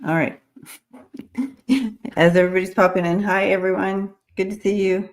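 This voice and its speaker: A woman's voice: mid-range voice, fairly even intonation, moderate pace. A woman hosting a live stream, greeting viewers by name and talking casually with many fillers and restarts. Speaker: host of a live-stream psychic reading show.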